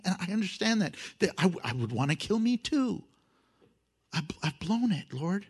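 A man preaching a sermon, animated, swinging from loud emphasis to hushed, intimate asides and acting out prayers with humor. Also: high voice, moderate pace, husky. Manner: acts out prayers and voices with humor. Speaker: pastor.

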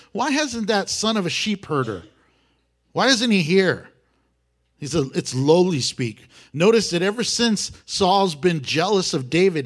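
High-voiced man teaching a sermon. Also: a bit bright. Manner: conversational, wry asides, chuckles often. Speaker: pastor. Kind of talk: verse-by-verse Bible teaching.

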